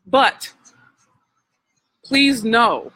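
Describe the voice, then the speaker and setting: A woman's voice: fairly high pitch, expressive, drawn-out words, sharp tone, rough recording. A woman coach giving a heartfelt, preacher-like healing talk on a live stream, speaking directly to her listeners. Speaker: spiritual wealth coach.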